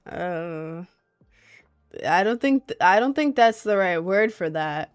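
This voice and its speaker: A woman's voice: lowish voice, expressive, slow pace, clear, resonant tone, faint music behind. A young woman hosting a casual livestream, chatting in a rambling way and greeting viewers by name as they join.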